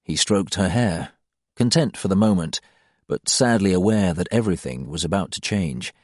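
A man narrating an audiobook in a calm, unhurried reading. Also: sits low, no room sound, studio quality.

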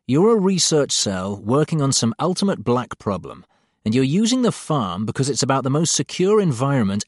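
A man's voice: mid-range voice, darkish tone, no echo. A man reading a first-person novel aloud in a dry, wry storytelling manner. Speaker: audiobook narrator. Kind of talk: scripted first-person narration.

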